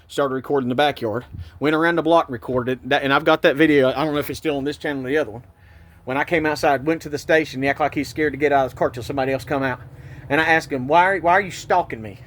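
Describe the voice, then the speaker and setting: A man's voice: a little high, quick pace, fairly bright tone, slight background noise. Agitated man. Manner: agitated, indignant, repeats himself. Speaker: vlogger recounting a police stop. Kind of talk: angry personal vlog.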